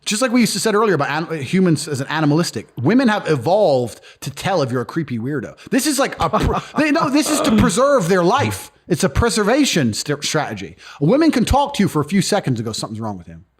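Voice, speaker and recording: Fast, animated man holding forth. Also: high voice, husky. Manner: blunt, boastful, swears freely; acts out quoted voices of others. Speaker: interview guest. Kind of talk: casual interview talk.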